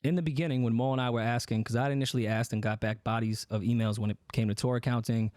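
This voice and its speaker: Fast-talking blunt man on a podcast. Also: medium pitch, fairly even intonation, darkish tone, no echo, studio quality. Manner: fast, blunt, profane, explaining his side. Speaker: podcast co-host. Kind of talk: candid podcast talk.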